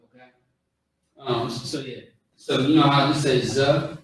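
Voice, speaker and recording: A man's voice: medium pitch, fairly even intonation, unhurried, a bit bright. A man teaching pronunciation in a coaching, repetitive way, drawing out sounds. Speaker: street teacher. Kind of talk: outdoor pronunciation lesson. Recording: echoey, from far off.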